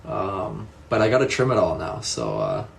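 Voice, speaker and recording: A man's voice: on the low side, normal speed, vocal fry, a little hiss or hum. Easygoing young man chatting to viewers. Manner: relaxed, repeats his own answers, laughs often. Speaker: streamer reading and answering viewer comments. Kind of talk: casual live chat.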